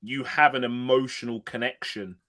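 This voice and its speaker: Liverpool guy hosting a podcast, mid-pitch voice, laid back, lots of um and yeah. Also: normal speed. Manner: relaxed, agreeable, many affirmations. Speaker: podcast host. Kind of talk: casual chat.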